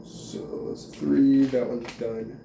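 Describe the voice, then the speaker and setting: A man's voice: mid-range voice, fairly even intonation, slow pace, vocal fry, noisy background. A man in a profane, agitated, rambling rant, filling his talk with "like". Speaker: vlogger. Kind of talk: ranting monologue. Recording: roomy, distant from mic, faint ambience.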